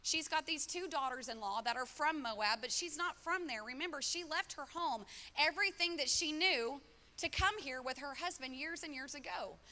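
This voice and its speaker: A woman's voice: sits high, normal speed, pushed and bright. A woman pastor preaching a sermon, conversational and acting out quoted dialogue. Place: church auditorium. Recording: long hall reverb.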